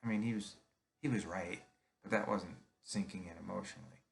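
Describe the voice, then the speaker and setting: A middle-aged man with a very low, gravelly voice tells his own story. He speaks candidly and confessionally, acting out the people he quotes in his own voice. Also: fairly quick. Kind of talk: personal storytelling monologue.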